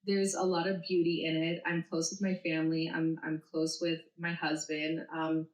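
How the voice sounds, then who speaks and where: A woman's voice: low voice, little pitch movement, moderate pace. A woman in her thirties, a therapist co-hosting a podcast, talking casually in a rambling, self-deprecating way and laughing as she goes. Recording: echoey room.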